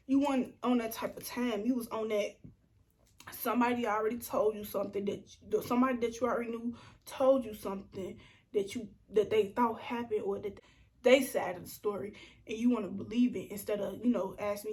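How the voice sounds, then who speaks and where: A young woman tells a storytime in a vlog. Her voice sits a little high, and she acts out each quote with sudden drops into whispers. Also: fairly even intonation, a little fast, a little mellow. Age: young adult. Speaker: vlogger.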